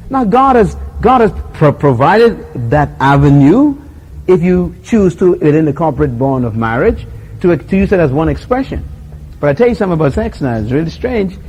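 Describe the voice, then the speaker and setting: A man's voice: on the high side, darkish tone, slightly rough, rough recording. A middle-aged man with a Bahamian accent preaching a sermon, acting out little scenes with voices and laughter.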